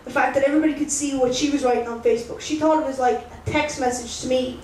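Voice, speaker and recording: A woman's voice: high voice, steady tone, fast, darkish tone, a little hiss or hum. A young Irish woman doing a stand-up routine, chatty and self-mocking, talking straight to the crowd. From Ireland. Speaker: stand-up comedian. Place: comedy club stage. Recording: roomy live gig from a distance.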